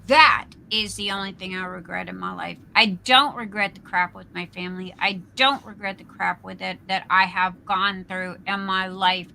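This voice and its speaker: A woman in her sixties hosts a livestream, sharing her own story with blunt, profane candor and plenty of ums. Her voice is strikingly bright and sharp, with a faint hiss behind it. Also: mid-range voice, steady tone, moderate pace, creaky, hardly any pauses, poor audio. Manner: blunt and profane, with frequent fillers. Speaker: livestream host. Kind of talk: candid personal storytelling.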